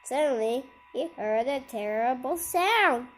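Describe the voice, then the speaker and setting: A woman reading a children's book aloud, halting and repeating words, with joking asides. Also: high-pitched, lively intonation, faint music behind. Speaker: storybook reader.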